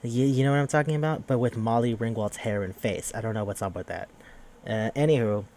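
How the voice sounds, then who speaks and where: A man's voice: mid-range voice, fairly quick, a little mellow, a little hiss or hum. A man hosting a podcast, casually recapping a video game in a rambling, profane way and acting out characters' lines. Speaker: podcast host.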